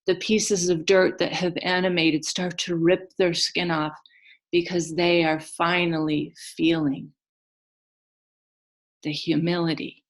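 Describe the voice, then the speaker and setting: A woman storyteller recounting an ancient myth in a slow, hushed, incantatory way. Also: lowish voice, little pitch movement. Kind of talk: mythic storytelling.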